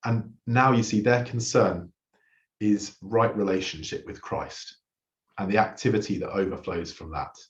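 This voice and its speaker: Male pastor, mid pitch, preaching in a roomy, muffled church recording; earnest storyteller. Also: a little slow. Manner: earnest storytelling, acts out quoted lines. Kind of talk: sermon. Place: church hall.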